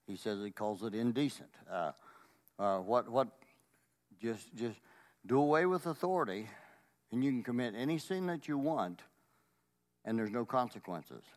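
A man's voice: mid-range voice, lively intonation, normal speed, pauses often. A male pastor delivers a sermon in an emphatic tone. His voice sits in an ordinary middle range. He pushes his points with rhetorical questions and often repeats words.

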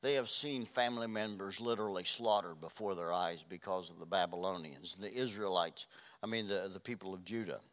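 An older man preaching a sermon, earnest, dropping to a hush and then rising loud. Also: sits low, fairly even intonation, a little fast. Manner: earnest, swings from hushed to loud. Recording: reverberant hall.

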